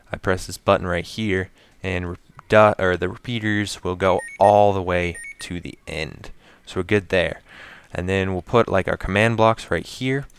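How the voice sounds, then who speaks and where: Gravelly and low, this man's voice still comes through smooth and clear as he explains a Minecraft build to viewers one step at a time. He keeps a relaxed, unhurried pace, muttering to himself and counting blocks aloud as he sets them, in casual gameplay commentary. The audio is close and dry, without any room sound.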